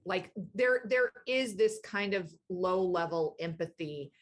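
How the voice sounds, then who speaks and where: A woman's voice: lowish voice, lively intonation, slow pace. A woman game master narrating a tabletop game in a thoughtful way, with many fillers.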